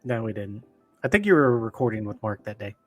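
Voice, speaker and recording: A man's voice: fairly low pitch, very animated, fairly quick, dry recording, highs cut off, faint music behind. A man co-hosting a podcast, talking casually with a dry, teasing humor. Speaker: podcast co-host. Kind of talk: casual chat.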